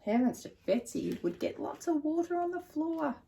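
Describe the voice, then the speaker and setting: A woman reading picture books aloud to children, animated and asking them questions. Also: high-pitched, moderate pace, vocal fry. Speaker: children's storyteller.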